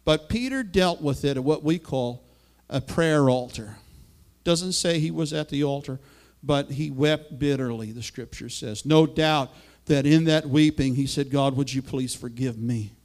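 Male preacher, fairly high voice, fervent and emphatic sermon style. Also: a little slow, a little mellow. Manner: fervent, rising and falling emphasis, asks for slides.

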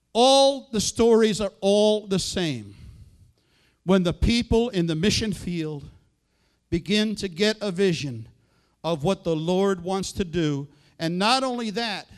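High-voiced pastor preaching a sermon. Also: male voice. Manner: conversational preaching with rhetorical questions and quoted asides.

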